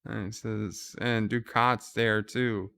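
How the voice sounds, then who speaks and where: Slow, smooth-voiced man recapping a show. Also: on the low side, level tone, sharp tone. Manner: casual plot retelling with fillers and restarts. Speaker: channel host recapping an episode. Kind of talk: live reaction commentary, retelling scenes.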